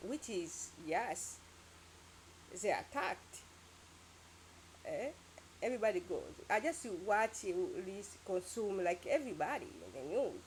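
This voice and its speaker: A woman's voice: mid-range voice, expressive, slow pace, long pauses, slight background noise. Rambling, emphatic woman vlogger. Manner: emphatic, rambling, with sound-effect words. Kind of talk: casual opinion monologue.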